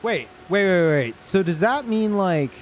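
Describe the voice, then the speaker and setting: A man commentating his own gameplay on stream, cursing in disbelief and swinging from high yelps to low grumbles. His talk is slow and drawn out, with a fairly high, very lively pitch. A faint hiss sits under the desk-mic recording. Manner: swearing, incredulous, jumps between loud outbursts and low mutters.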